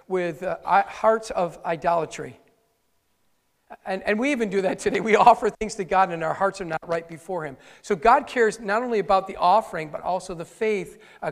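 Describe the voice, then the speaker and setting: A male pastor preaching a conversational sermon with wry asides to his congregation. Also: high voice. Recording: long hall reverb.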